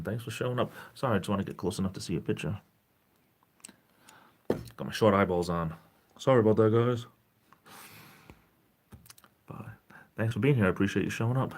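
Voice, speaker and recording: A man in his forties chatting casually on a live stream in a gentle, caring tone, rambling and breaking off mid-sentence as he greets viewers. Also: on the low side, brisk, long pauses. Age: 40s. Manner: rambling, self-interrupting, greets chat viewers.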